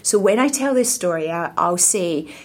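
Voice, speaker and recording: A woman's voice: fairly low pitch, animated, moderate pace. A Scottish woman in a casual interview, reflective and rambling, with frequent ums and restarts. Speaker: interview guest.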